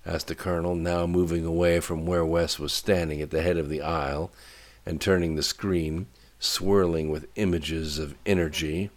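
Male audiobook narrator, low voice, steady even read. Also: normal speed. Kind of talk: scripted narration.

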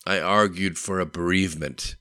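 A man's voice: deep voice, steady tone, moderate pace, sharp tone, no echo. A man voicing an earnest, loyal male delivery manager who speaks in a heartfelt way.

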